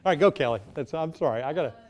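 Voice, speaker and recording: A man coaching speakers in a live public speaking workshop, brisk and encouraging, giving direct feedback. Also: on the high side, animated, darkish tone. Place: seminar room. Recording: echoey room, faint background noise.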